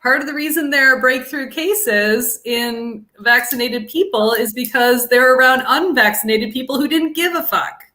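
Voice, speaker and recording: A woman's voice: high voice, moderate pace, hardly any pauses, pushed and bright, poor audio. A woman from the US Midwest co-hosting a podcast in casual, wry chat. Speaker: podcast co-host.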